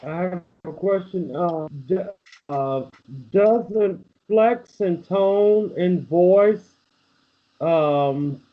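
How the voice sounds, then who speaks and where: A man's voice: high-pitched, extremely slow. A man in a Bible class politely asking a question while groping for his words. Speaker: class member. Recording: dull lo-fi, off-mic in a room.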